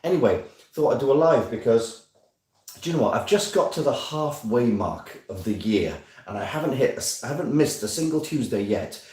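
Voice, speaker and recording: Filmed on a phone on a stand some distance off, the audio sounds roomy. This weekly live stream host talks from home in an expressive, mid-range, slightly mellow voice at a moderate pace, rambling, teasing his viewers and joking at his own expense.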